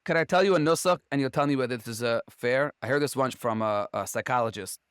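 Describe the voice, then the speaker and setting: A man's voice: medium pitch, quick pace, fairly bright tone, smooth, no room sound, clean studio sound. A man co-hosting a podcast discussion, conversational and probing with his questions. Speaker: podcast co-host.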